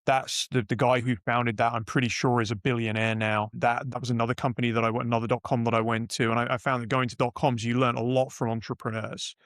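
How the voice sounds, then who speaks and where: A middle-aged British man from the United Kingdom, appearing as a podcast guest, tells casual interview stories about his career in rambling, self-correcting anecdotes that often restart. His ordinary-pitched voice is level, fairly bright and quick with few pauses. It is recorded dry and close, with no room sound.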